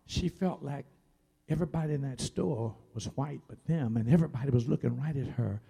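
Gravelly preacher telling a story. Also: male voice, mid-range voice. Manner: animated, swings from loud to near-whispered. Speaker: pastor. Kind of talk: sermon storytelling.

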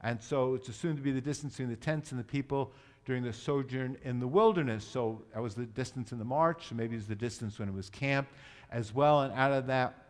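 A man's voice: mid-range voice, fairly quick. A man giving a Messianic teaching, explaining terms patiently and leading the group to repeat words. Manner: explanatory, leads group repetition, self-correcting. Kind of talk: teaching sermon.

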